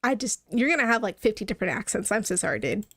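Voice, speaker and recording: Chatty young woman streamer, mid-pitched and playful, with sarcastic game commentary. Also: big pitch swings, fast, a bit bright, husky, dry recording, clean studio sound. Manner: chatty, giggly, sarcastic asides. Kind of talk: casual game commentary and reading aloud.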